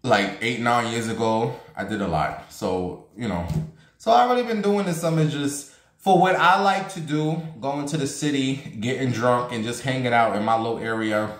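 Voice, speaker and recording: Fast-rambling blunt man in a roomy space. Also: medium pitch. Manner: rapid excited rambling, blunt and profane. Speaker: vlogger. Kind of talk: casual chat to viewers.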